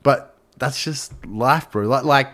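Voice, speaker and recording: A man's voice: medium pitch, slow, fairly bright tone. A man, a podcast guest telling stories in casual, heavily sweary chat, saying "bro" constantly.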